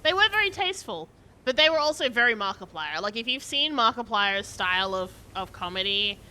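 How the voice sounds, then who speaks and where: Lively guest streamer, woman, bright and sharp tone, very expressive pitch, faint hiss. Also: clean tone. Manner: animated, laughing, quick to tease. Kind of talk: casual stream chat. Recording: faint background noise.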